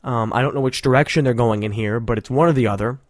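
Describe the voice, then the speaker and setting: A man's voice: mid-range voice, fast talker, dry recording, studio quality. A man hosting a show, giving casual, sarcastic, rambling commentary with frequent laughter. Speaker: podcast host.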